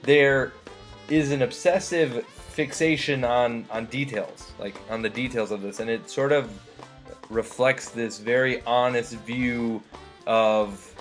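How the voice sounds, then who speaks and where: A man introducing a magazine issue as one of its editors, talking in a halting way with many fillers and restarts. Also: mid-range voice, fairly even intonation, soft background music. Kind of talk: casual spoken introduction.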